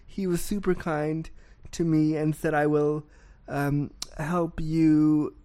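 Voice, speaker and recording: A Canadian woman hosting a podcast, chatting in a lively, rambling way with quick tangents. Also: deep voice, no room sound. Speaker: podcast host. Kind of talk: casual interview chat.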